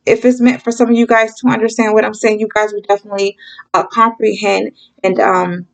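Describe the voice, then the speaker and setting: A woman's voice: mid-range voice, gravelly, low-quality recording. A woman giving viewers frank tough-love advice in a casual monologue, often checking in with "okay?" and "you guys". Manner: talks fast when excited, acts out quoted voices. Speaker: spiritual reader and channel host.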